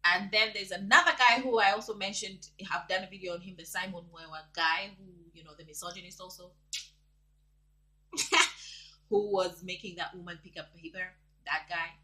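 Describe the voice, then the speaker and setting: A young woman from Zambia, talking through online gossip in an animated, dramatic way and laughing often. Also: on the low side, normal speed, low-quality recording. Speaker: vlogger. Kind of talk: casual gossip commentary.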